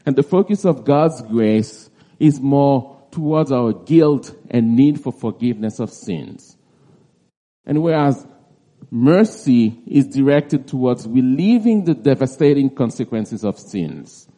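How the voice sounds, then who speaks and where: A man preaching through a Bible passage in an expository teaching style, halting often and restarting his phrases. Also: mid-range voice, lively intonation, warm tone. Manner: halting, with frequent restarts and repeated words.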